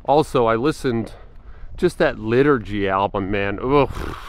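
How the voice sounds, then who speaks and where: A man's voice: on the low side, a little slow, slight background noise. A man in his forties talking casually in a fitness vlog, thinking aloud with frequent fillers and restarts. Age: 40s. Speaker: fitness vlogger.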